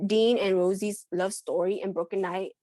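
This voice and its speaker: A woman's voice: medium pitch, steady tone, normal speed, warm tone, dry recording. A woman co-hosting a book podcast in casual chat, talking with many restarts and frequent laughs. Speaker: podcast co-host.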